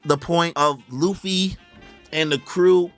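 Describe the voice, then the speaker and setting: A man hosting casual reaction commentary, excitable and slangy, who often acts out character voices. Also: a little high, slow pace, faint music behind. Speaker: host.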